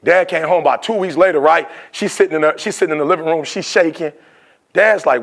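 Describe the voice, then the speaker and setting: A man's voice: a little high, fast talker, vocal fry, a bit bright. A man giving a motivational sermon, telling a story in a conversational, fervent preaching style.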